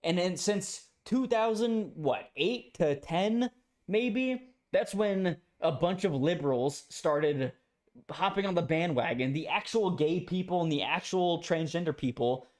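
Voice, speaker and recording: A man's voice: high-pitched, measured pace, darkish tone. A young man in a heated, profane casual rant as a streamer. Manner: profane, ranting, emphatic.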